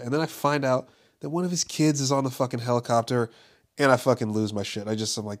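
A man's voice: mid-range voice, brisk, a little mellow. A young man from Los Angeles talking in a rambling, casual monologue, full of profanity, fillers and restarts.

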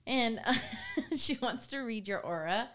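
A young woman co-hosting a casual podcast chat, telling stories in an animated, giggly way with lots of "like". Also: on the high side, slow pace. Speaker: podcast co-host.

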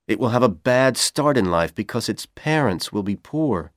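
A man with a Persian accent voicing a manipulative young man who coaxes and pressures in a calm, persuasive tone. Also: mid-range voice, normal speed, no echo, clean studio sound, pitched above the performer's own voice, lightly acted. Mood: coaxing. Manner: coaxing, then coldly insistent.

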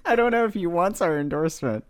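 A woman co-hosting a podcast in casual chat, dry and teasing with a deadpan delivery. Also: fairly low pitch, fast talker, no echo. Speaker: podcast co-host.

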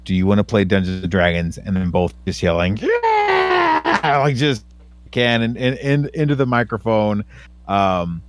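A man's voice: sits low, normal speed. A man in his thirties chatting casually on a podcast, hesitant with many fillers and restarts. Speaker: podcast co-host. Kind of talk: casual chat.

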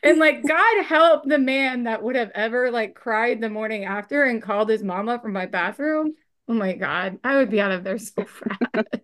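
A woman's voice: a little high, moderate pace, a bit bright. A woman podcast co-host, a mother of teens, chatting casually, swearing freely and laughing often. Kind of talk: casual chat.

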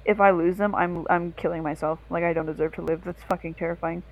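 A woman's voice: lowish voice, fairly even intonation, quick pace, lo-fi sound. A young woman co-hosting a casual podcast, telling a long story in a rambling, profane way. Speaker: podcast co-host.

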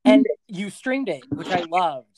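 A woman's voice: lowish voice, measured pace, slightly rough, dry recording. Effusive woman host, dry close sound. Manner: warm, effusive, animated reactions. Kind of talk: casual chat.

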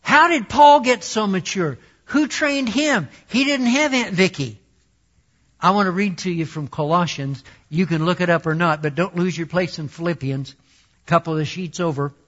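A man's voice: high voice, fairly bright tone. A man preaching a sermon in a conversational, self-deprecating way, with laughing asides. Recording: dull lo-fi recording.

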